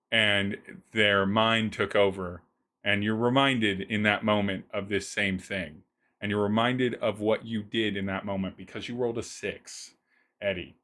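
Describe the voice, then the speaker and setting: A man narrating a tabletop roleplaying session as game master. His voice sits fairly low, and he describes each scene in loose, halting sentences full of restarts. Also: bright, forceful tone.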